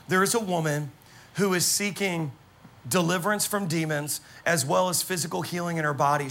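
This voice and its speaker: Bright, gravelly-voiced pastor preaching. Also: male voice, a little high. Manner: animated, exclamatory storyteller addressing the congregation. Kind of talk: sermon with storytelling. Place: church service.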